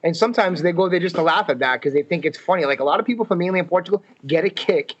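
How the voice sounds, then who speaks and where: A man's voice: high voice, very fast, lo-fi sound. A man from Massachusetts, a comedian guest in a casual podcast chat, telling stories and acting out the quotes. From Fall River, Massachusetts. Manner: animated storyteller, acts out quotes.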